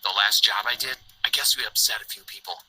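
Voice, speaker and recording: An actor playing a calm, protective father on the run who gives orders, in an animated story. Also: on the low side, fast, a little hiss or hum, low-quality recording. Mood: firm.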